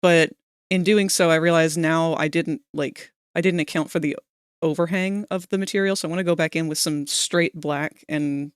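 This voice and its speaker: Relaxed streamer chatting, dry sound. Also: medium pitch, moderate pace, clear, resonant tone, dry recording. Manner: relaxed, candid, swears casually. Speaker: streamer, host. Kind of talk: casual chat while working on an avatar.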